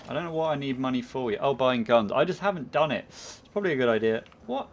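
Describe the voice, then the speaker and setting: Rambling, chatty let's-play host. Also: male voice, medium pitch, animated, quick pace, few pauses. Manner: rambling, chatty, thinking aloud with many fillers. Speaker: gaming channel host.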